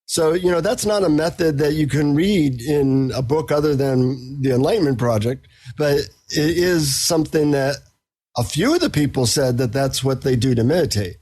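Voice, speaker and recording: A middle-aged man, a psychotherapist and author, chatting as a podcast guest and telling anecdotes in a relaxed, self-deprecating way. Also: on the high side, normal speed, slightly rough. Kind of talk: casual interview storytelling.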